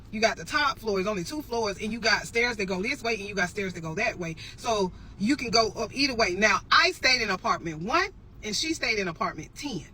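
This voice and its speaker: Animated woman telling a story straight to camera. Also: fairly high pitch, a little hiss or hum, rough recording. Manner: animated, addresses viewers as y'all, emphatic repetitions. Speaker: storytelling vlogger. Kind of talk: casual storytelling to viewers.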